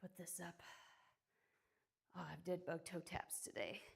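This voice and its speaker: A woman's voice: fairly low pitch, expressive, unhurried, vocal fry, breathy edge. A young woman streaming her workout, out of breath, chatting casually and greeting viewers by name between exercises. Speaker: fitness streamer.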